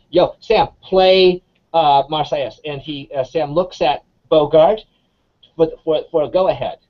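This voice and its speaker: A man, an English professor, chatting in an interview as an animated storyteller full of restarts and fillers. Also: medium pitch. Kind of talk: casual conversational interview. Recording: dull lo-fi sound.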